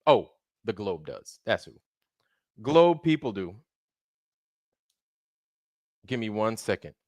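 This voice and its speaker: A man's voice: on the low side, very animated, a little slow, darkish tone, dry recording, studio quality. A man hosting a livestream, ranting angrily in a heated, profane, repetitive way. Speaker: livestream host. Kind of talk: angry livestream rant.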